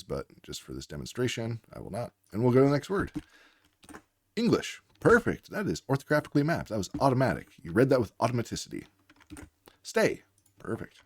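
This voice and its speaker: A man with a low, darkish voice works as a reading tutor, patiently explaining how words are spelled while playing both teacher and student. It's an instructional demonstration, recorded at studio quality with no room sound.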